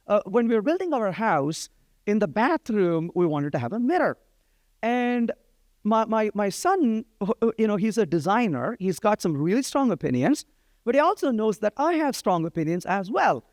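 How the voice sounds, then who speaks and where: A man's voice: sits high, darkish tone, dry recording, studio quality. A middle-aged man giving a live-coding lecture, talking in a conversational way and often checking in with "right?". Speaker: programming instructor.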